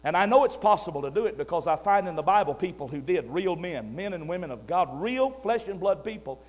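Older man, preacher, high voice, emphatic sermon, loud then hushed. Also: expressive, a little fast.

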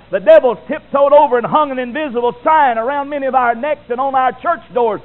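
A man preaching with a high, ringing voice. He drives points home with loud emphasis, then drops to hushed, solemn lines. The sound is thin and phone-like. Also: brisk, hardly any pauses. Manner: emphatic, swinging from loud declarations to quiet, solemn asides. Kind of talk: sermon. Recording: tinny phone-like recording.

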